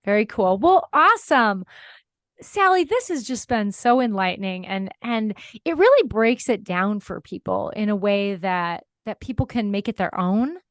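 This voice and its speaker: A woman's voice: mid-range voice, expressive, normal speed, no room sound. Minnesotan woman hosting a podcast, bubbly and gushing, voice leaping up and down, dry close sound. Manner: enthusiastic, gushing, laughs often. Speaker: podcast host. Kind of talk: casual interview chat.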